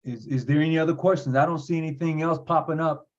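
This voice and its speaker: A man's voice: fairly high pitch, fairly even intonation, lo-fi sound. A man hosting an online show, chatting casually and nudging viewers to join in. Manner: quick, encouraging interjections.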